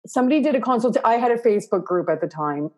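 A woman's voice: a little high, animated, very fast, darkish tone. A woman with a Canadian accent, an interior designer talking casually and at length in an interview, with many fillers. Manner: chatty, rambling, lots of fillers.

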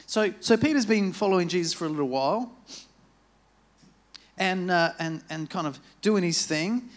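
This male preacher's voice sits high and sounds animated, moving at a normal speed. Into a church microphone, he gives a sermon as a relaxed, chatty story, performing the quoted lines.

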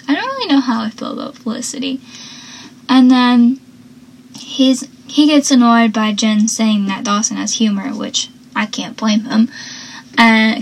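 A woman's voice: fairly high pitch, a little hiss or hum, poor audio. A woman giving a casual, chatty recap of a TV episode, drifting into personal asides. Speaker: show recapper.

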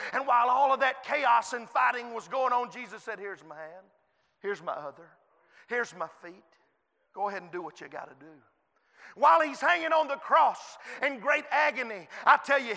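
Guest preacher, man, very high bright voice, fervent delivery in a reverberant church. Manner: fervent, swings from soft to shouted. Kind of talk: sermon. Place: church sanctuary.

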